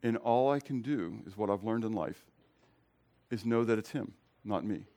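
Conversational male pastor preaching. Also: normal speed. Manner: conversational preaching that swings between loud emphasis and quiet, low asides; asks the congregation direct questions. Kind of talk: expository sermon.

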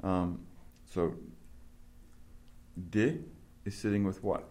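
A man's voice: on the low side, slow pace, mellow. Patient man teaching a small class. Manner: patient, questioning, explains step by step. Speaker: Greek teacher. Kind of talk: classroom instruction.

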